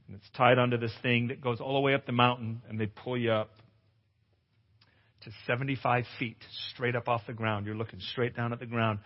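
A male pastor giving a testimonial sermon at a conference, an animated storyteller who acts out dialogue and exclaims loudly. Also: medium pitch, brisk. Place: conference hall. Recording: echoey hall, dull lo-fi sound.

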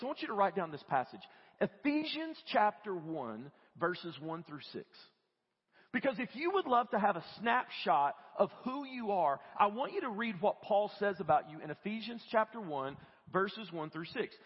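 A man preaching a lively, conversational sermon in a church and acting out what people say. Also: sits high, husky. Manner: animated, conversational, acts out quoted voices. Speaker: guest preacher. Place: church sanctuary. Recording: dull lo-fi audio with long church reverb.

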